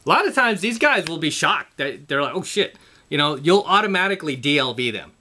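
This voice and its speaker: A self-improvement vlogger with a fairly high, sharp voice and big pitch swings talks fast to camera in a blunt, profane motivational rant. He lectures his viewers, calling them "guys", and hammers the same points emphatically over and over.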